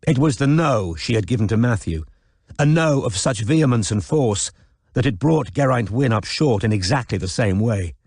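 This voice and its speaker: A man narrating a novel in an audiobook in a measured, even reading. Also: mid-range voice, husky, no echo, clean studio sound. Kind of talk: scripted narration.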